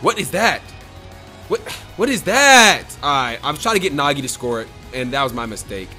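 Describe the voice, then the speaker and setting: A man giving excited, trash-talking commentary over his own football video game match, repeating his phrases. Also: fairly high pitch, normal speed, faint music behind. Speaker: gaming YouTuber. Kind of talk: live gameplay commentary.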